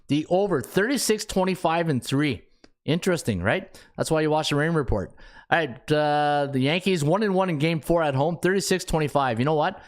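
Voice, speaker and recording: A man's voice: on the high side, fairly quick. A man with a Canadian accent hosting a sports betting podcast, chatting casually, thinking aloud and joking with himself as he works through the numbers.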